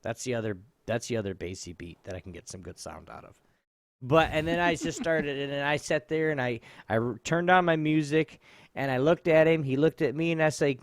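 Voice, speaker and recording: Animated, swearing man telling a story. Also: on the high side, moderate pace, no room sound, clean studio sound. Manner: animated storytelling, swears freely, laughs often. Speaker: podcast co-host. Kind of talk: casual comedic podcast chat.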